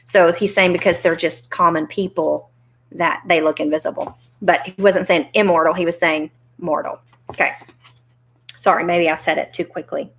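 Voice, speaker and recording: A woman's voice: on the low side, normal speed. A woman teacher reading a story aloud to young students, stopping to explain words. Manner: expressive, explanatory.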